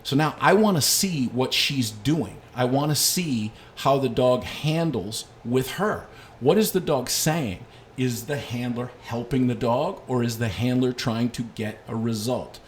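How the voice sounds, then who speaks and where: A middle-aged man talks through a dog-training lesson in a relaxed, conversational way. He mixes explanation with lively personal stories at an even middle pitch, over a faint hiss of background noise. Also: measured pace. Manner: storytelling with lively anecdotes. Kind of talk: casual instructional talk.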